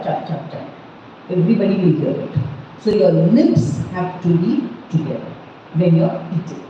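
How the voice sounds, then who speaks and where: A woman's voice: on the high side, mellow, a little hiss or hum. A woman with an Indian English accent giving an etiquette lecture, telling stories and acting out the voices in them. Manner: storytelling, acts out voices in anecdotes. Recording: echoey hall, far from mic, muffled.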